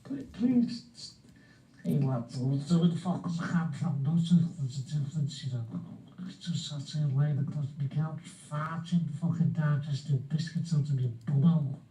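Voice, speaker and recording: Man on voice chat, crude and joking, very dark, mellow tone, slightly high, echoey room. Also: a little slow. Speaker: voice chat participant. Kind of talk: casual chat.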